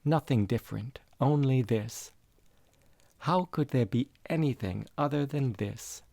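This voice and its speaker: A man's voice: mid-range voice, a little slow, vocal fry, no echo. A man voicing a frail, serene dying mother. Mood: tender. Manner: soft, tender, reflective.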